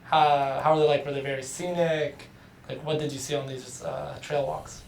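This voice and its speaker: A woman hosting a casual podcast interview, her voice sitting very low. She asks curious follow-up questions and keeps the conversation moving with frequent brief affirmations. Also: level tone, normal speed, creaky, a little mellow, slight background noise. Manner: inquisitive, backchannels often with short affirmations. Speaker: podcast host.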